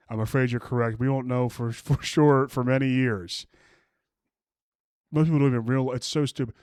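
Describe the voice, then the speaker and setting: A man's voice: mid-range voice, fairly even intonation, moderate pace, a little mellow, clear, resonant tone, dry recording, clean studio sound. A man ranting mockingly about online posts, crude and angry, often restarting his sentences. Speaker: streamer reacting to posts. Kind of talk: profane casual rant.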